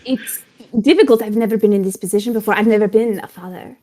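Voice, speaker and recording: A woman's voice: mid-range voice, fast, mellow, lightly acted. A woman voicing a proud male pirate captain who is guarded and terse. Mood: defensive.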